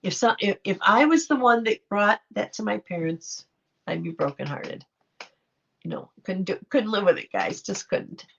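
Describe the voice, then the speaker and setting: Middle-aged woman, livestream host, unhurried and gravelly, chatty and affectionate, dull home-stream sound. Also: mid-range voice, fairly bright tone, slight background noise. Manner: chatty, affectionate, reacts to viewer comments. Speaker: livestream host reading chat. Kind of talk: casual livestream chat.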